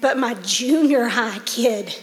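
A woman's voice: on the high side, slow pace, long reverb tail. A woman giving a heartfelt personal testimony to a church congregation, getting emotional as she talks.

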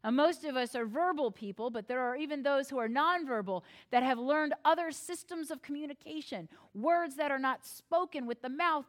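High-voiced woman preaching a lively sermon. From United States. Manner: expressive, self-deprecating humor, acts out quoted voices. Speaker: pastor.

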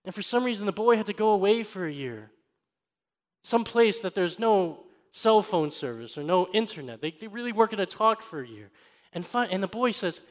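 A man with a high, light voice delivers a sermon. He tells a personal story in an easygoing, conversational way, then swells with emphasis on his key points. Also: big pitch swings, moderate pace. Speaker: pastor.

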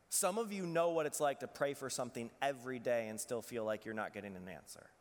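A man preaching a sermon as pastor, earnest, dropping soft and slow on the painful lines. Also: medium pitch, long reverb tail.

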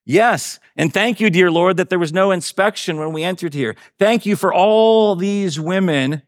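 A serene, devout woman prisoner, eager and gently insistent, as a male preacher reads her lines in a raised voice. The sound is dry and close, with no room around it. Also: sits high, normal speed, no room sound, voice pushed up, close to an everyday voice. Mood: grateful.

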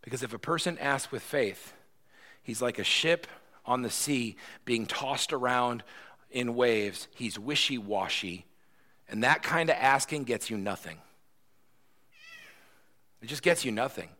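Bright-voiced preaching man. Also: mid-range voice, lively intonation, measured pace, long pauses. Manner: conversational, often asks "right?". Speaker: pastor. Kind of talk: sermon.

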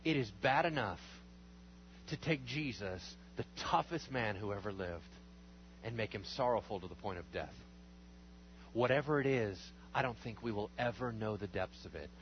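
A man preaching as a pastor, praying over communion and reading scripture aloud, rising loud and high on emphatic lines and dropping to low murmurs. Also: moderate pace. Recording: slightly dull recording with faint hum.

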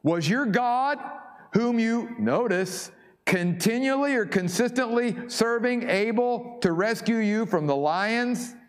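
A man's voice: very high voice, animated, slow pace, pitched above the performer's own voice, heavily acted. A man voicing a worried, grieving ancient king who calls out in an anxious, pleading way during a sermon.

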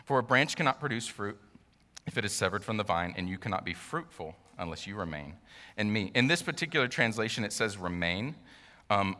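A man preaches a relaxed, chatty sermon, ribbing himself with joking asides. His voice is bright and forceful. A long reverb rings around him in a church sanctuary. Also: fairly low pitch. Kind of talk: casual sermon.

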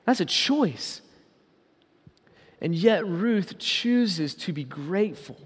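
A man preaching a sermon as pastor, asking the congregation rhetorical questions and slowing down on key words. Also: sits high, expressive, slightly rough, long reverb tail.

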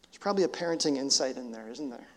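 A man's voice: mid-range voice, animated, fast talker. A male pastor giving a conversational sermon, acting out quotes as he teaches. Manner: conversational preaching with acted-out quotes. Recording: long church reverb.

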